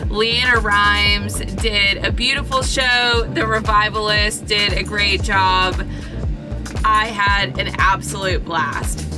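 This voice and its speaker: A woman vlogger chatting casually to camera in a rambling, joking way while camping out of her truck. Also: mid-range voice.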